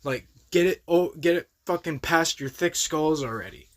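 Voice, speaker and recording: A man's voice: on the high side, moderate pace. A young man hosting a reaction video, talking in heated, profane, exasperated casual commentary.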